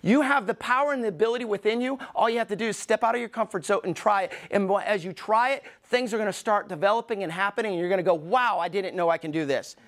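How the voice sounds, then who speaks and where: A middle-aged man preaching a sermon as pastor in a church, emphatic, with pauses, and acting out the voices he quotes. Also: high voice, a bit bright. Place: church sanctuary.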